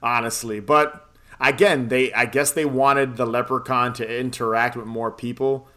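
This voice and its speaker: A man's voice: medium pitch, fairly even intonation, moderate pace, bright, forceful tone. A man casually recapping a film plot on a podcast, rambling, swearing and laughing often. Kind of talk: casual chat.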